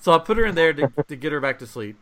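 Casual podcast host, young man, animated storyteller, slightly higher voice, acts out quotes. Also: very fast, a crowd in the background.

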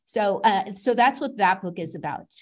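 A woman's voice: mid-range voice, lively intonation, moderate pace. A middle-aged woman from the United States, an author and podcast guest, telling a personal story with a sarcastic, wry edge.

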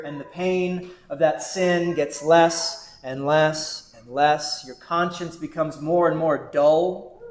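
Slow, earnest male preacher in echoey room. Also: fairly high pitch. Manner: measured, earnest preaching with rhetorical "right?". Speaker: pastor. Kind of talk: sermon.

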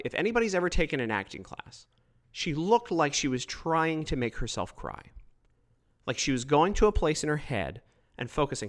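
A man giving opinionated solo political commentary, emphatic and quick to mock others. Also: on the high side. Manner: emphatic, animated, mocking quoted voices.

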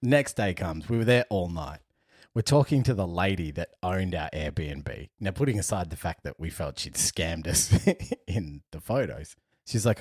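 A young man co-hosting a podcast, telling a travel story in an animated way, laughing often and acting out what people said. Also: low-pitched, normal speed, slightly rough, no echo, studio quality. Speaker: podcast co-host. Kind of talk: casual storytelling chat.

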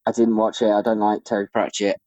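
A man's voice: fairly low pitch, flat delivery, fast, dark tone, no echo. A man co-hosting a casual film review podcast, mostly giving short laid-back replies with the odd crude joke. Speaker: podcast co-host.

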